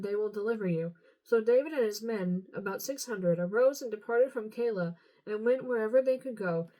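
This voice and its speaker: Woman, slightly high voice, casual scripture reading, unpolished, trips over names. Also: darkish tone, rough recording. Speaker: Bible reader.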